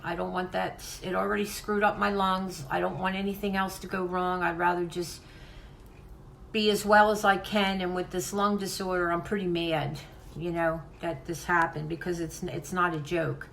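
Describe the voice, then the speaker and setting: A woman's voice: on the low side, level tone, normal speed, gravelly, fairly bright tone, slight background noise, poor audio. An older woman hosting a craft channel, talking in a heartfelt, rambling way to her viewers and often restarting her sentences. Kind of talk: casual vlog talk to viewers.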